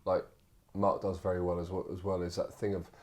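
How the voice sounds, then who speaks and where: A male interviewer chats casually with his guest, working his point out as he goes and hedging along the way. His voice is fairly low and plain. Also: level tone, fairly quick, darkish tone. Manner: thinks aloud, hedging and loose. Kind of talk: casual chat.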